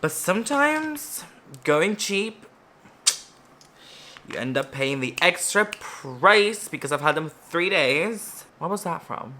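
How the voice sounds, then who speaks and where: Woman vlogger with a Spanish mother tongue, bright tone, swears freely and jokes at her own expense. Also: fairly low pitch, very animated, slow pace. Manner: chatty, profane, self-mocking jokes. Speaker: beauty vlogger. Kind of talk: casual get-ready-with-me storytime.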